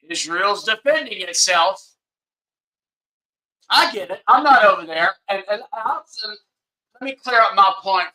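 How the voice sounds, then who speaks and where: Brief: Southern male streamer, rambling, heated takes, apologetic asides, piercing bright tone, pitched a bit high. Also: low-quality recording. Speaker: livestream host. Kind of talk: casual live-stream commentary. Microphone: webcam setup.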